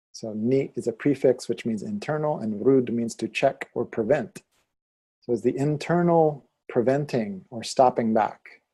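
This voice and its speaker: A man teaching yoga philosophy and Sanskrit pronunciation in a calm, deliberate way, leading students to repeat after him. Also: medium pitch. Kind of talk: slow, calm teaching with call-and-repeat chanting.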